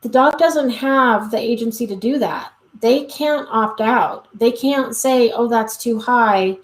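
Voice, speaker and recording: This dog trainer, a woman, answers questions in a relaxed live Q&A with a slightly high voice and a measured pace. She's talkative, says "um" a lot, and performs the quoted conversations she recounts, all in a roomy, echoing space.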